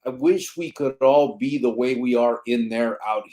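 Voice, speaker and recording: A man's voice: mid-range voice, moderate pace, over a noisy crowd. A man hosting a live podcast, reading out chat comments and talking in a laid-back way full of street slang and swearing.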